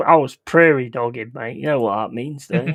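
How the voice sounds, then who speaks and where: A man's voice: mid-range voice, moderate pace, no echo, dull audio. A man hosting a livestream, reading viewer comments and trading crude jokes. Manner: jokey, crude banter. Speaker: livestream host.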